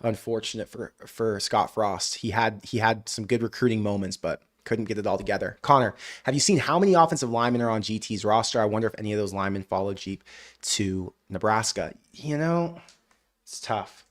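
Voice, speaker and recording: A man hosting a live college football stream, reading viewer comments aloud and answering with animated rants. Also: lowish voice, brisk. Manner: ranting, animated outbursts; frequent "I don't know" hedging. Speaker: college football show host.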